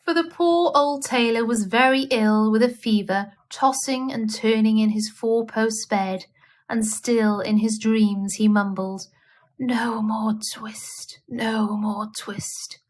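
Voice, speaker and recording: A woman reading a children's bedtime story aloud in a gentle, expressive manner. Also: on the high side, a little slow.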